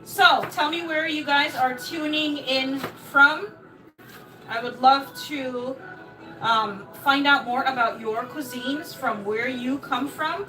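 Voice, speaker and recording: A woman from Jamaica, speaking with an American accent, takes it slowly in a high-pitched voice as she cooks at home and chats casually on a live stream. She greets and encourages viewers by name. Music plays in the background, and the audio is poor.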